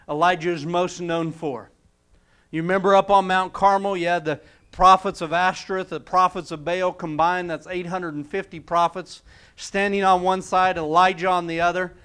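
Smooth-voiced preacher man retelling scripture. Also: sits high. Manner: storytelling preacher, shifting between emphatic and hushed delivery. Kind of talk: sermon.

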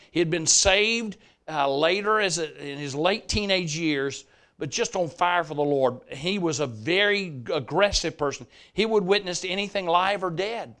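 With a high voice, an older Southern preacher spins animated stories during his sermon, acting out each person he quotes.

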